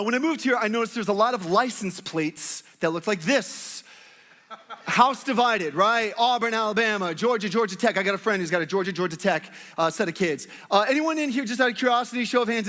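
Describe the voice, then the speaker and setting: A man from Northwest Arkansas, a pastor, delivers a joking, playful sermon to his congregation. His voice sits high with a fairly bright tone, captured with long hall reverb in a church hall.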